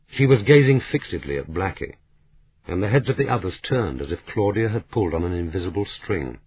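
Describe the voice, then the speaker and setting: A man narrates a novel in a deep, husky voice, steady and measured. The sound is narrow and tinny, like a phone line. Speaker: audiobook narrator. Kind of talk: scripted narration.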